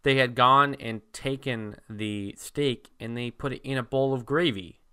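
Co-host in easy banter, bright and smooth-voiced. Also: mid-range voice, unhurried. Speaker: podcast co-host. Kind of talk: casual chat.

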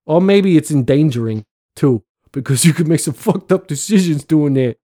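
Male podcast host, slightly high voice, loose and rambling, joking with profanity and filler words. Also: lively intonation, moderate pace, warm tone. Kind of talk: casual chat. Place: home, living abroad. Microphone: computer microphone.

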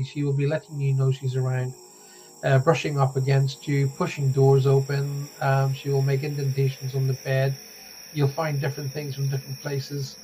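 A man's voice: medium pitch, slight background noise, low-quality recording. An Irish man from Ireland hosting a casual livestream as a psychic medium, chatting and reading out viewer comments in a rambling, reassuring way.

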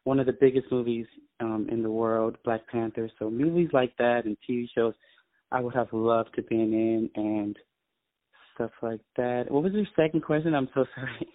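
A man's voice: mid-range voice, normal speed. A man speaking as a musician guest in a casual interview, eager and stopping with fillers. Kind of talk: casual interview over the phone. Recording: tinny phone line.

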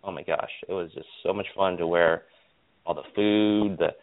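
Low-voiced man telling stories by phone. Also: moderate pace. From Stockton, California. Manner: animated, repeats words, many fillers. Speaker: guest, optometrist. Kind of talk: casual interview storytelling. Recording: tinny phone line.

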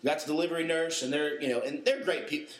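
A young adult man telling a story in casual chat, animated and acting out the voices of people he quotes. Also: fairly high pitch, fast, echoey room. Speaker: podcast panelist.

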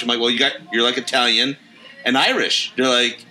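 A man from New York, a podcast guest, telling stories in lively casual chat and laughing often. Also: mid-range voice, fairly quick, faint music behind, poor audio. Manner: animated storytelling, laughs often.

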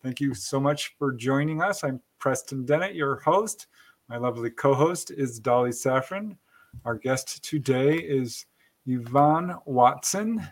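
Male talk show host, friendly, chatty, live radio feel, mid pitch. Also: animated, a little slow. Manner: friendly, chatty, reads station info from notes.

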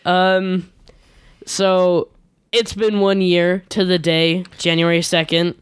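A man's voice: high voice, level tone, slow pace, smooth, no echo. A teenage man hosting a casual home podcast, hesitant and prone to restarts and laughter. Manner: hesitant, lots of fillers and restarts, laughs often. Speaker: podcast host. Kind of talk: casual chat. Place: home basement.

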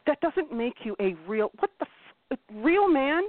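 A woman hosting a casual talk show, blunt and animated, swearing freely and acting out quotes. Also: sits high, moderate pace, dry recording. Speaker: podcast host. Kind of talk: casual chat. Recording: tinny phone-like line, dry.

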